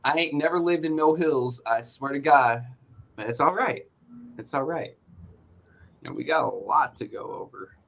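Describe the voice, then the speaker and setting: A man's voice: medium pitch, normal speed, vocal fry, a crowd in the background. A male show host ranting in casual chat, joking and swearing freely.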